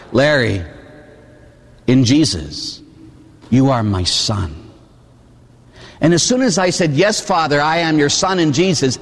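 A Catholic priest from Pittsburgh delivers an animated storytelling sermon, acting out voices and shouting at the peaks. His male voice sits on the high side, and a long hall reverb surrounds it.

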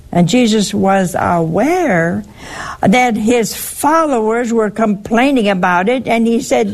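An older woman hosting a call-in religious talk show, answering a caller slowly and emphatically and quoting scripture. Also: medium pitch, vocal fry, a little mellow. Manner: slow, emphatic, quotes scripture.

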